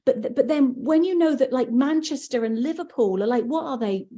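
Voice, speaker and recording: A woman's voice: high voice, fairly quick, warm tone. An English woman, an audiobook narrator, chatting casually and explaining with examples. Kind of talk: casual conversation.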